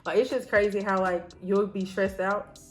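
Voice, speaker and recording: A woman's voice: mid-range voice, level tone, normal speed, faint music behind. A woman of about thirty, a law student chatting candidly to her viewers while doing her makeup at home, rambling and saying y'all. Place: home, near her bed.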